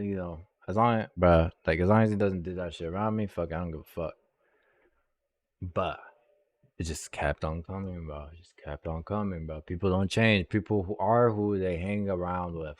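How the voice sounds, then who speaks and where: A man's voice: low voice, dry recording. A young man from California telling a personal story in a heated, profane, casual rant, repeating himself and tossing in "bro.".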